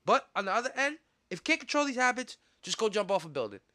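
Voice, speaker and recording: A man hosting a podcast, ranting in a heated, profane way with sudden loud outbursts. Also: sits high, sing-song, fast talker, dry recording, studio quality. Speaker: podcast host. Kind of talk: casual podcast rant.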